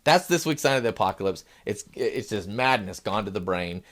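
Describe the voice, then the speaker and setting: A middle-aged man delivers satirical news commentary, and his pitch swings widely from line to line. He acts out little scenes of shoppers and store clerks. Now and then he fumbles a line and starts it again. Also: brisk. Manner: animated, acts out quoted shoppers and clerks, fumbles and restarts lines. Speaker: host.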